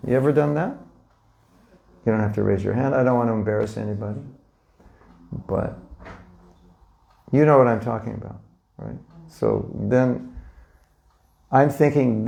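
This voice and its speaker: A man's voice: medium pitch, moderate pace, vocal fry, long pauses, warm tone. A man teaching a live audience in a conversational way, often asking them questions and acting out little scenes. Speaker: spiritual teacher. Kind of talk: informal lecture to a live audience.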